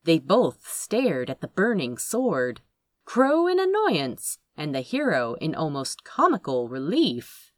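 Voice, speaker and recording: Slow, expressive woman narrating. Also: deep voice, no room sound, studio quality.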